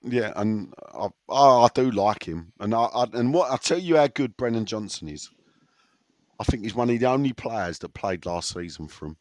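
A man's voice: on the low side, expressive, moderate pace, darkish tone, no echo. A man with a sore throat hosting a listener question segment in casual podcast chat, rambling and teasing, often tripping over his words.

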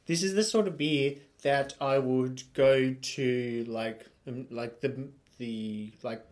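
A man's voice: mid-range voice, fairly even intonation, slow pace, darkish tone. Rambling man in casual chat. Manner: rambling, filler-heavy. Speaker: podcast co-host.

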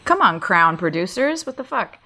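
A woman's voice: fairly low pitch, moderate pace. A woman co-hosting a podcast, casual banter and frequent swearing. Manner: swears freely, lively banter. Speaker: podcast co-host. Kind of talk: casual chat.

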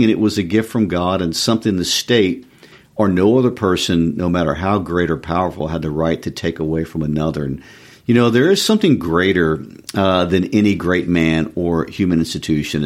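A man giving a reflective, explanatory talk on history, with frequent fillers as he thinks aloud. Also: deep voice. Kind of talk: explanatory discussion.

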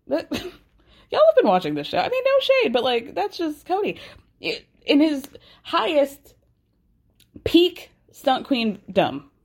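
A young adult woman hosting a casual, gossipy TV recap, sassy and animated, with sarcastic asides. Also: a little high, unhurried. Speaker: recap podcast host.

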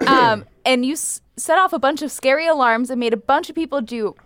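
A woman's voice: high-pitched, a little fast, a bit bright. A woman co-hosting a podcast, chiming in with teasing, wry remarks in casual chat. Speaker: podcast co-host.

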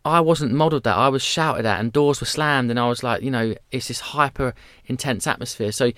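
Man, thirties, podcast guest, fast, smooth clear voice, dry close sound. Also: mid-range voice, no room sound. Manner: animated storyteller, quick, acts out voices. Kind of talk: candid conversational chat.

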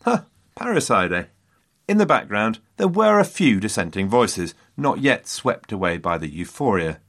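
A man's voice: lowish voice, big pitch swings, moderate pace, a bit bright. A man hosting a history podcast, telling the story dramatically with wry asides to his listeners.

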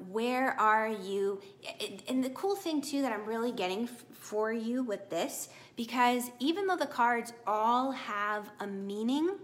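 Chatty tarot-reading woman, fairly high voice. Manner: warm, chatty, encouraging, animated with laughs. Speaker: tarot reader. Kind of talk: live tarot reading to online viewers.

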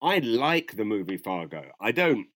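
A man's voice: fairly low pitch, very animated, measured pace, a bit bright, no room sound. A man, co-hosting a casual chat and rambling through strong, profane opinions. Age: 40s. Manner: rambling, opinionated, swears freely. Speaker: podcast co-host.

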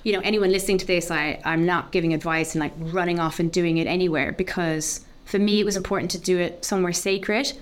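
A woman, a podcast guest talking candidly and openly about a deeply personal experience, with lots of "like" fillers. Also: steady tone, fast talker, hardly any pauses, smooth. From Ireland. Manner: open, heartfelt, full of "like" fillers.

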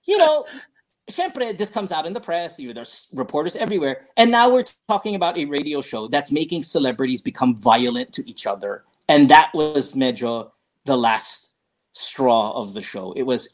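A middle-aged man, a guest on a casual talk show, telling a story with lots of acted-out quotes and switching between English and Tagalog. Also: a little high. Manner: animated storyteller who acts out quoted dialogue; mixes English and Tagalog mid-sentence. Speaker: podcast guest, radio host. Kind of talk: casual interview chat.

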